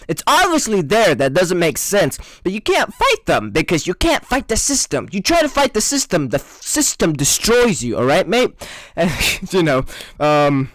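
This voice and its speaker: Sarcastic male vlogger ranting, high lively voice, dry sound. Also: brisk, no echo. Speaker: video creator. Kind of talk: comedic commentary vlog.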